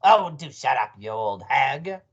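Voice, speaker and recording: A man's voice: sits high, sing-song, moderate pace, fairly bright tone, slightly rough, muffled recording, pitched above the performer's own voice, exaggerated voice. A man voicing a grumpy, nasty old man with a sneering, mischievous way of talking.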